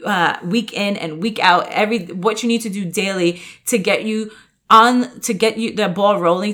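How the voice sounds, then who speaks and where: A woman's voice: medium pitch, a bit bright. A woman hosting a podcast, talking as a coach in a chatty, upbeat way with many restarts and fillers. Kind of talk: casual podcast monologue.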